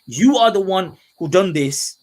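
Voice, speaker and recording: A man's voice: high-pitched, lively intonation, unhurried. A man co-hosting a podcast, pressing his guest with emphatic, stacked questions. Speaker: podcast co-host, interviewer. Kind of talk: probing interview questions.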